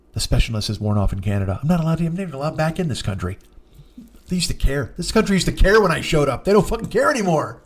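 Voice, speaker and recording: A man hosting a podcast alone, ranting in a profane, exasperated way and jumping into shrill mock outrage. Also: husky. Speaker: podcast host. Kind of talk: solo comedic rant.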